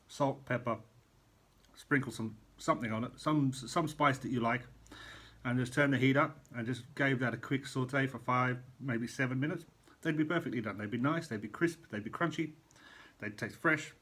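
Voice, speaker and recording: A man's voice: mid-range voice, a bit bright. A middle-aged man, a chef, chatting casually in a vlog from a hotel room, rambling and eating as he talks. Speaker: chef vlogger.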